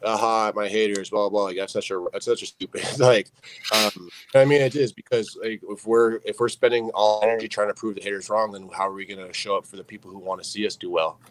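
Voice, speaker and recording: A man's voice: fairly low pitch, fairly even intonation, fast, a little hiss or hum, rough recording. A young man speaking as a podcast guest, telling his story earnestly and padding it with fillers like "you know what I mean.". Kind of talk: candid storytelling interview.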